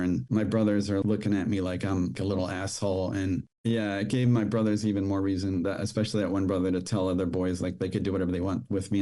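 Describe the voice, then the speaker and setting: A man's voice: low-pitched, mellow. A middle-aged man, a podcast guest, telling his own childhood story with emotion and quoting the people in it. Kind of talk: personal storytelling.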